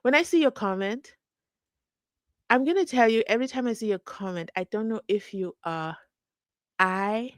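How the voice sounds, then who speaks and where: A young South African woman with a South African accent, hosting a live stream in a chatty, animated way and acting out the people she quotes. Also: on the high side, moderate pace, pauses often, no room sound. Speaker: host. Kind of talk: casual live-stream commentary.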